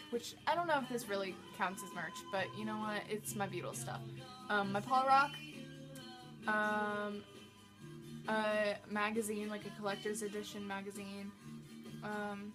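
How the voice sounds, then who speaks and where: A teenage girl chats through a question tag at a mid-range pitch, wandering off mid-sentence and leaning on likes and ums. Music plays clearly underneath her voice. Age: teens. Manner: rambling, many likes and ums. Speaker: vlogger. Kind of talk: casual tag-question vlog.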